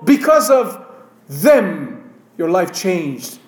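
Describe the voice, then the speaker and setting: High-voiced preacher in an echoey room. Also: male voice, lively intonation, a little mellow. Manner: slow, emphatic preaching, reading scripture aloud. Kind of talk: sermon.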